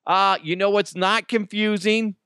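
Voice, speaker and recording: A man's voice: a little high, fairly bright tone, dry recording, clean studio sound. A man hosting a casual podcast from home, rambling, joking and riffing. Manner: rambling, jokey, riffing into silly voices. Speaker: podcast host. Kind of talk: casual solo podcast chat. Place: home basement.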